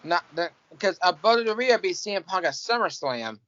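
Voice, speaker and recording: A man's voice: high voice, brisk. A man on a podcast panel, rambling in casual chat. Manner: rambling, laughing, lively. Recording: dry dull lo-fi audio.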